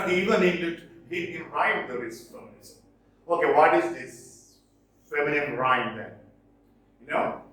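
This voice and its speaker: Man, teacher, slow emphatic lecture, repeats words, strong room echo. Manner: emphatic, repeats key words slowly, with lively pitch jumps. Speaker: English teacher. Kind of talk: classroom lecture on poetry. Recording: roomy echo, distant from mic.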